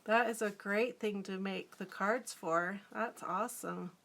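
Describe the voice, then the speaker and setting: A woman's voice: medium pitch, unhurried, vocal fry, a bit bright. A middle-aged woman artist chatting casually on a live stream, giggling often and answering viewer comments as she draws. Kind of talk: casual live-stream chat while drawing.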